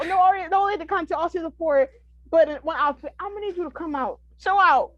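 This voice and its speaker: Young woman podcaster, high voice, dull dry lo-fi sound, gets all emotional and swears a lot. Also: fast, fairly bright tone, no echo. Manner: emotional, pleading and laughing, swears freely. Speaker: podcast co-host. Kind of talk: casual chat.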